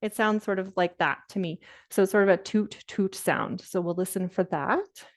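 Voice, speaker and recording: A woman's voice: medium pitch, normal speed. A woman presenting a nature lesson to children over a video call, upbeat and encouraging, with laughs and fillers.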